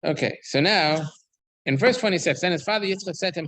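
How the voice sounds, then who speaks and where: A man's voice: high voice, expressive, a little fast, a bit bright, a little hiss or hum, poor audio. A man, a rabbi, teaching a weekly Torah class, reading verses aloud and explaining them while he thinks aloud with many ums and restarts.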